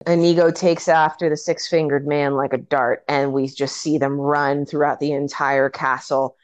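A woman's voice: low voice, normal speed, dry recording. A woman in casual conversation about a favorite movie, retelling scenes with energy and frequent swearing. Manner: animated, swears freely, acts out scenes.

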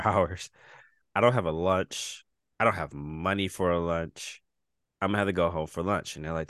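A man's voice: no echo, clean studio sound. A man co-hosting a podcast in casual chat, telling stories expressively and laughing often. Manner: slow, deep and expressive, laughing between lines. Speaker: podcast co-host.

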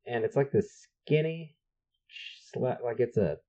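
A man co-hosting a podcast, chiming in on a movie recap with relaxed jokes and quick agreement. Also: mid-range voice, highs cut off. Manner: relaxed, joking, chimes in with agreement. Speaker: podcast co-host. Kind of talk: casual movie recap chat.

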